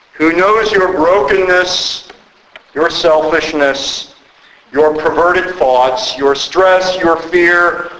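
A man preaching a sermon as pastor, slow and emphatic with dramatic pauses. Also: high voice, fairly bright tone, roomy sound, poor audio.

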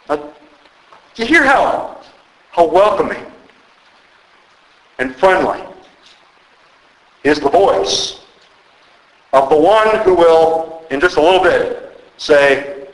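A man preaching a sermon as pastor, slow and emphatic with dramatic pauses. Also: fairly high pitch, expressive, echoey room, poor audio.

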